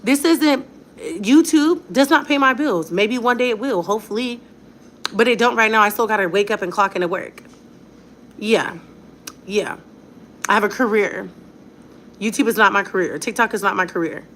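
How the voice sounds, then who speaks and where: A woman's voice: medium pitch, moderate pace, pauses often, a bit bright, a little hiss or hum. A young woman talking straight to her viewers in a casual vlog, blunt and defiant, with a lot of slang. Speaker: vlogger.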